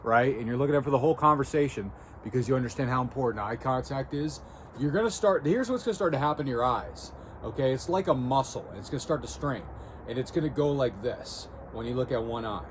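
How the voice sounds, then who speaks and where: A man's voice: mid-range voice, quick pace, slight background noise. A man hosting a self-improvement video, coaching the viewer in a blunt, direct way and often checking in with "okay?" and "right?". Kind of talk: casual coaching talk to camera. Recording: music playing clearly behind him.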